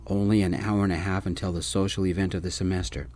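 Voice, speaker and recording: A man telling a first-person story in a gentle, soft-spoken ASMR style. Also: deep voice, flat delivery, quick pace.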